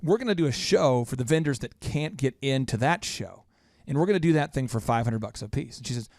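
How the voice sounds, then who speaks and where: A man hosting a podcast, telling a story in a quick, animated, self-mocking way. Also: medium pitch, dry recording, clean studio sound. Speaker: podcast host. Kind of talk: storytelling in casual chat.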